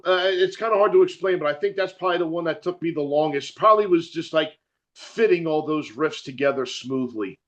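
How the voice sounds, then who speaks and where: A man's voice: a little high, fairly bright tone, dull audio. A man with a New Jersey accent, a metal musician chatting as an interview guest, rambling, swearing freely and laughing often. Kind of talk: casual chat.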